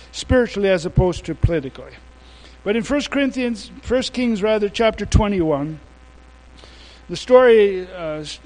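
A man's voice: high-pitched, darkish tone, rough recording. A man preaching a sermon, retelling a story in a folksy, slangy way and often restarting his sentences. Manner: informal storytelling with casual slang; halting, with many restarts.

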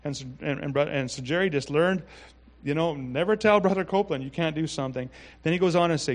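A pastor preaching a sermon in a relaxed, conversational way, reading scripture and adding asides. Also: male voice, on the high side, fairly quick. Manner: conversational, with frequent restarts and asides.

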